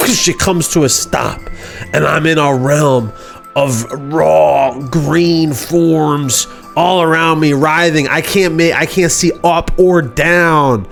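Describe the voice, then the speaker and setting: A man's voice: on the high side, slow pace, creaky, fairly bright tone, soft background music. Rambling man spinning a goofy tale. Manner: rambling, playful, self-interrupting. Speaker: streamer host. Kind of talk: improvised comic storytelling.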